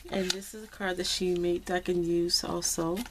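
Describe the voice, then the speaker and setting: A woman's voice: fairly low pitch, moderate pace, noisy background. A woman, gushing with delight as she unboxes crafted cards in a casual vlog. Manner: gushing, excitable, says "y'all". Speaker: crafting vlogger. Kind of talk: casual happy-mail unboxing.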